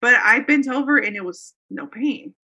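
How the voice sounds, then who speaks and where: An earnest woman in her thirties or forties tells a personal story as an interview guest. Her voice sits fairly high and sounds bright and forceful. She rambles a little, circling back with fillers and restarts. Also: expressive, normal speed, slightly rough, muffled recording. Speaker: guest telling a faith testimony. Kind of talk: casual conversational storytelling.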